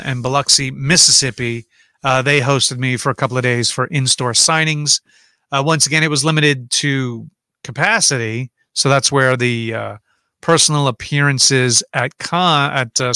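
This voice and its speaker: A man's voice: medium pitch, bright, forceful tone, clean tone, dry recording, clean studio sound. A man hosting a casual livestream from home, chatting and rambling as he reads out viewer comments and answers them.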